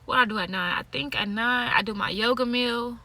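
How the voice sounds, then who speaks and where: Woman vlogger, tarot and yoga type; blunt, profane, laughs a lot; bright, fairly high voice. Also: a little fast, dry recording. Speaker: tarot card reader and yoga teacher. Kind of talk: casual monologue to camera.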